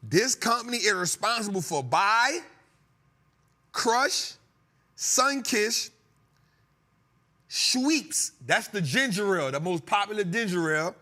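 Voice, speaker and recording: A man's voice: high voice, slow pace, long pauses. A male host talking stocks in a loose, joking way, laughing and teasing his crew. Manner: animated, joking, laughing often. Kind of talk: comedic finance talk show.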